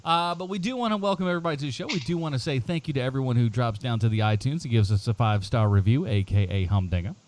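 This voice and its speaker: A man's voice: medium pitch, very fast, hardly any pauses, noisy background. A middle-aged man hosting a casual podcast, rambling with many fillers and frequent laughter. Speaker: podcast host.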